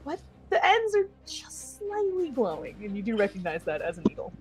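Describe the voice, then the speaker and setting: A woman's voice: on the high side, wildly swooping pitch, moderate pace, a little mellow, faint music behind, poor audio. A woman narrating as dungeon master in a tabletop game, laughing often as she describes the scene.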